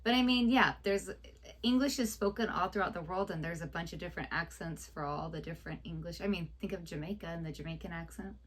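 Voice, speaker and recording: A woman's voice: lowish voice, quick pace. A woman co-hosting a reaction video, chatting casually and trailing off with fillers as she goes. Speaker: reaction channel co-host.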